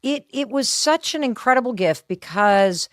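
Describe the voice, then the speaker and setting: A woman in her fifties, telling stories in a casual chat in an animated, self-deprecating way and acting out what people said. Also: on the high side, normal speed, no echo, clean studio sound. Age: 50s. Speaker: guest.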